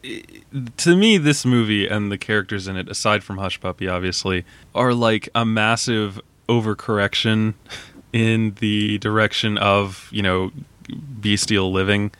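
A man's voice: on the low side, a little slow, fairly bright tone, clean tone, dry recording. A man hosting a casual podcast about a film, talking in a hesitant way with frequent laughs and fillers. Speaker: podcast host.

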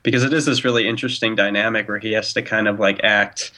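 Low-ish guy on a movie podcast, flat delivery, bright tone, hedges a lot. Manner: measured, thoughtful, hedging with "kind of". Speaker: podcast co-host. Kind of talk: casual film discussion.

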